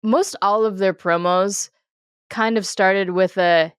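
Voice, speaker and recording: A woman co-hosting a podcast, recapping a show with deadpan quips and frequent laughter. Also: medium pitch, takes it slowly, smooth, no echo, clean studio sound. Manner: deadpan one-word quips, laughs often. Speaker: podcast co-host. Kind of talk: casual recap chat.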